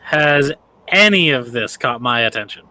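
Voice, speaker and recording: Bright-voiced male player. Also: mid-range voice, animated, unhurried, poor audio.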